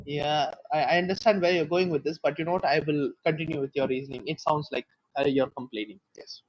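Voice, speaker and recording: A man's voice: on the high side, steady tone, brisk, no room sound, lo-fi sound. A man in a heated online debate who builds his argument step by step with examples and frequent fillers.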